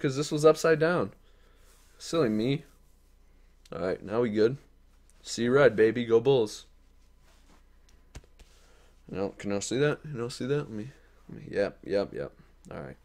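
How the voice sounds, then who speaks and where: In a mid-range voice, a young man provides hyped live-stream commentary as he opens packs of game cards, addressing the player cards directly. He drops to mutters, then bursts into yells.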